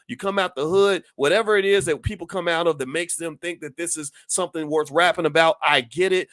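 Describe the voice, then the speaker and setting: A man's voice: a little high, fairly bright tone, dry recording, clean studio sound. A man hosting his own channel, delivering an impassioned opinion monologue full of emphatic rhetorical questions. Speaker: channel host.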